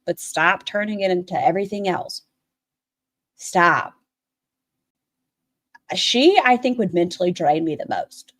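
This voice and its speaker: A woman's voice: lowish voice, lively intonation, unhurried, long pauses, no room sound, studio quality. A woman streamer giving blunt, sarcastic live-stream commentary on clips, swearing freely.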